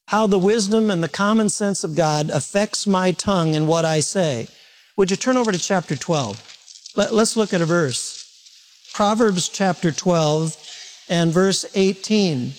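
A man's voice: high-pitched, normal speed. A man preaching a sermon to a congregation, talking to them directly with questions and joking about himself. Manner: self-mocking humorous asides. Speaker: pastor. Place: church service before a congregation.

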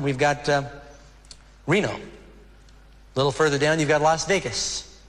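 A man preaching a sermon as a pastor, earnest and emotional, slowing down for dramatic pauses. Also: fairly high pitch, fairly bright tone, big-room sound.

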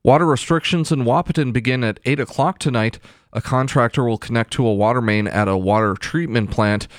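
Male radio news anchor, steady and clipped, dry studio sound. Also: medium pitch, fairly quick, no echo. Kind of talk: radio newscast. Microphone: studio mic.

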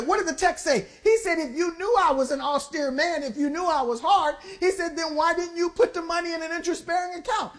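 High-voiced woman preaching with fervor. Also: brisk, few pauses. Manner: emphatic call-and-response preaching, rising to shouts. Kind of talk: sermon.

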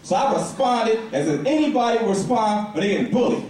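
Animated male stand-up in an echoey club. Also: high-pitched, brisk. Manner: animated storytelling with voiced characters. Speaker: stand-up comedian. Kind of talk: stand-up comedy routine. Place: comedy club stage. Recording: echoey club from a distance, crowd.

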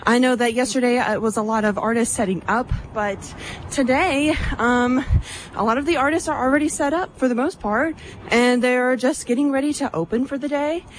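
A woman's voice: high voice, normal speed, slight background noise. A female radio reporter giving a live report from an outdoor festival, a little out of breath. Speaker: radio station field reporter.

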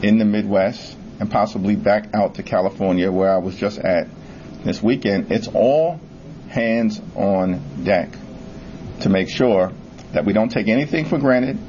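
A man's voice: fairly low pitch, a little slow, a little mellow, highs cut off, slight background noise. A man making firm, punchy statements at a news conference. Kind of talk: press conference remarks.

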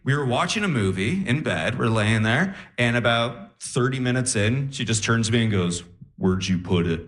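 A man performing a stand-up comedy routine, telling a story with animated delivery and acted-out voices. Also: mid-range voice, normal speed, background noise. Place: comedy stage with live audience. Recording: echoey live venue.

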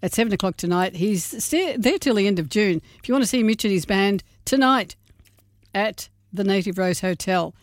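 A woman co-hosting a community radio show, chatting in a rambling, friendly way and running through the gig guide. Her voice sits at a middle pitch and sounds dry and close, as from a small studio. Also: lively intonation, moderate pace, no room sound. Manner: chatty, warm-hearted, rambling asides. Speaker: radio co-host.

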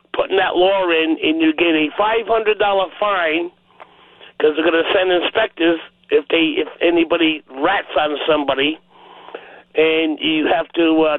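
A man's voice: on the high side, no echo. A man calling in to a radio show, chatty and indignant. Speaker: caller. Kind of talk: call-in radio chat. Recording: tinny phone line.

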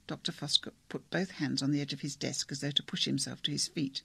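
Male audiobook narrator, measured and wry, gravelly and husky. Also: on the high side, fairly even intonation, fairly bright tone, no room sound. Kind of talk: scripted narration.

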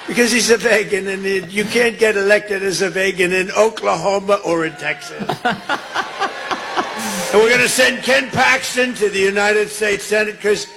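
A man's voice: high-pitched, gravelly, a bit bright. An older man giving a rally speech, rambling with joking asides. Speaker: politician speaking at a rally.

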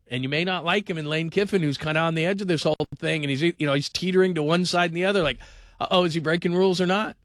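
High-voiced animated sports radio host, man. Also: dry recording, clean studio sound. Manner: rambling, animated, repeats himself. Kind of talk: call-in sports radio talk.

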